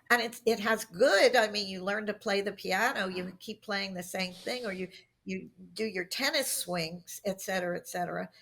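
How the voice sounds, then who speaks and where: A woman's voice: a little high, creaky. A middle-aged woman, a guest on a podcast interview, telling workplace anecdotes and acting out the quotes in them. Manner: animated anecdotes with acted-out quotes. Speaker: guest expert on workplace communication.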